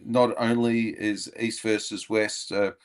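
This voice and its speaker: A man co-hosting a casual podcast, talking in a rambling way with many filler pauses and restarts. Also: lowish voice, flat delivery. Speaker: podcast co-host.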